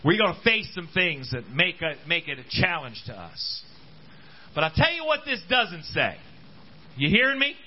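A man's voice: fairly high pitch, moderate pace, breathy edge, muffled recording. A man preaching a sermon at a church service, calling out to the congregation. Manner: animated preaching, calls out to congregation. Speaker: pastor.

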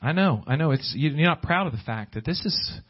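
A man preaching a sermon, swinging between high pleading exclamations and low hushed asides. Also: lively intonation, brisk. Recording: dull lo-fi recording.

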